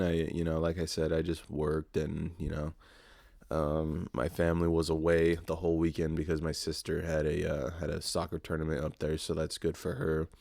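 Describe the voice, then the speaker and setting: A young man in his early twenties with an extremely deep, low voice talks alone into a podcast mic, swearing freely and mocking himself as he rambles. The sound is dry and close, with no room echo. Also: gravelly, darkish tone. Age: early 20s. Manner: profane, rambling, self-mocking storytelling. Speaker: podcast host. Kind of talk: casual solo podcast monologue.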